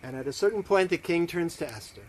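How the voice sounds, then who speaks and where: A man's voice: on the high side, animated, quick pace, slight background noise. A man, a rabbi, telling a holiday story dramatically, dropping to near whispers and swelling up again. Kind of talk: storytelling to a congregation online.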